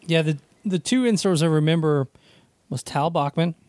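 A man with a somewhat high voice chats casually on a podcast, often reacting with quick laughs and short replies. His voice sounds dry and close to the mic. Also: darkish tone, dry recording. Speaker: podcast co-host. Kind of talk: casual chat.

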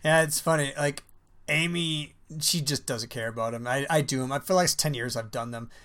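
A man's voice: mid-range voice, a little fast, fairly bright tone. A man in casual chat with a dry, wry manner who laughs at his own jokes.

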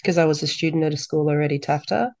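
A woman, a podcast guest telling stories in a lively way and acting out dialogue. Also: low voice, fast talker, no echo. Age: 30s. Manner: lively storyteller who acts out quoted dialogue. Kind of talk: casual interview chat.

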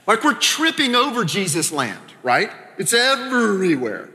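A man from Arkansas preaches a sermon in a church sanctuary, his voice bright and a little high. He talks conversationally, tossing in quick asides and then dropping suddenly quiet. Long reverb from the hall trails every phrase. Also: very animated. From Arkansas, American South. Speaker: pastor.

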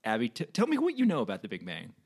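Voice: mid-range voice, huge pitch swings, racing, a little mellow, husky. A podcast host in casual chat who asks curious questions and gives encouraging replies.

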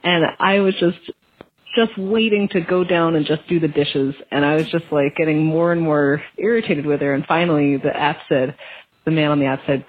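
Low-voiced mom calling in over a tinny phone line. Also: female voice, steady tone, normal speed, breathy edge. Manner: rambling, self-deprecating, laughs at herself. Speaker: caller.

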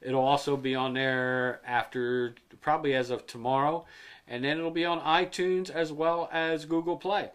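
A man's voice: fairly high pitch, level tone, moderate pace, fairly bright tone, clear, resonant tone. A man hosting a casual podcast, rambling and joking with crude language. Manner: rambling, joking, profane storyteller. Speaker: podcast host.

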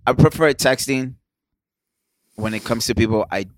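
A man's voice: mid-range voice, moderate pace, no room sound, studio quality. Swearing young man telling stories. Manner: animated storytelling, acting out quotes, lots of swearing. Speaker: podcast co-host. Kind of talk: casual podcast banter.

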